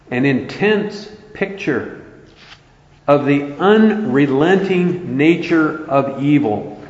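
A man delivers an earnest, emphatic sermon at a slow, deliberate pace. His voice rings through a roomy hall with a long reverb tail. The recording itself sounds dull and lo-fi. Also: mid-range voice, a little mellow. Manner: earnest, emphatic preaching with scripture quotes. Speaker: preacher.

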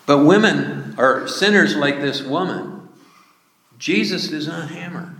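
Male pastor, sermon, unhurried and deliberate, long hall reverb. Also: on the high side, fairly bright tone. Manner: slow, deliberate preaching with emphatic rises. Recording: echoey hall.

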